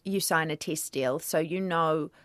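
Young nz woman chatting, lowish voice, acts out the bits she quotes, dry studio sound. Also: measured pace, no room sound. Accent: New Zealand. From New Zealand. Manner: animated storyteller who acts out quoted exchanges. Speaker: actor guest. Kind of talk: casual interview chat.

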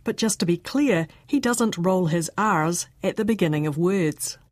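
A woman with a New Zealand accent hosts a radio segment, moving between scripted narration and interview questions. Her voice sits a little low, and she speaks in a clear, measured way. The sound is dry and close. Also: a little mellow, no room sound. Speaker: radio host.

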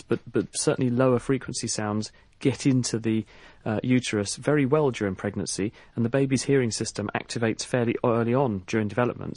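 A man's voice: medium pitch, darkish tone, dry recording. A man answering listener questions on a call-in radio show, a fluent and enthusiastic explainer.

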